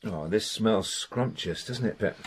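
A man's voice: lowish voice, unhurried, slight background noise. An actor playing a hearty, middle-aged farming father in a radio drama, keeping the peace at the dinner table. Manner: jovial, soothing. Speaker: farmer and father.

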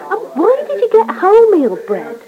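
A bustling teasing englishwoman, high lively voice, dull radio sound. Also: normal speed, exaggerated voice. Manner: bustling and teasing, often laughing.

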